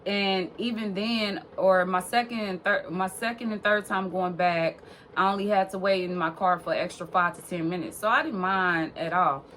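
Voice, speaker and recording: A woman's voice: medium pitch, moderate pace, a bit bright, a little hiss or hum. A young woman vlogger telling a long personal story in a casual, rambling way, full of fillers and swearing.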